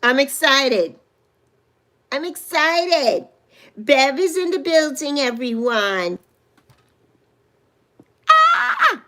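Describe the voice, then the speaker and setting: A woman's voice: high voice, expressive, takes it slowly, fairly bright tone, a little hiss or hum. A woman in her sixties hosting a livestream, effusively greeting viewers by name and thanking them. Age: 60s. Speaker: livestream host. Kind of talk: casual livestream greetings to chat.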